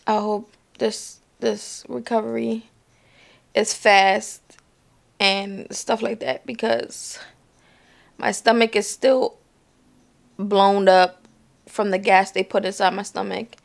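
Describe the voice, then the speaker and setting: A woman's voice: medium pitch, fairly even intonation, takes it slowly, creaky, long pauses. A young woman vlogging to camera from home, talking casually in slang and swearing bluntly, worn out and in pain after surgery.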